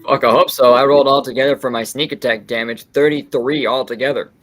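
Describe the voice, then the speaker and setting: A man's voice: medium pitch, fairly even intonation, fast. A man playing a tabletop game, casually describing his character's actions and swearing now and then. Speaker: player. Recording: loud music behind.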